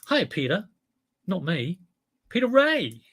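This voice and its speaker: A man's voice: sits high, huge pitch swings, slow pace, fairly bright tone, husky. Chatty man telling dad jokes. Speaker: host of a live stream. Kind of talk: casual live-stream chat.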